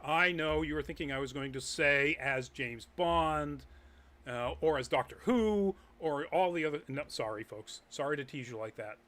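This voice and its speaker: Chatty man hosting, fairly high voice. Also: normal speed, fairly bright tone. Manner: chatty, many ums and uhs. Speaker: host of a live nerd news show. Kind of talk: casual chat reading news and chat comments. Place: Massachusetts.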